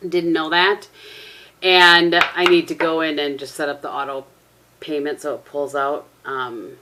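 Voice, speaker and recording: A low-pitched, middle-aged woman talks to a camera propped up at her desk. She rambles in a chatty way and breaks into laughs between her everyday stories. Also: level tone, a little slow, background noise. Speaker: vlogger. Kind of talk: casual vlog chat to camera. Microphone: camera propped on a tissue box.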